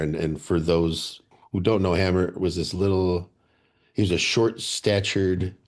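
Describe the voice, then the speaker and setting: A man's voice: sits low, a little mellow. A man from the Chicago area, a band member guest in a radio studio, telling rambling anecdotes with many restarts. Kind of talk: casual interview storytelling.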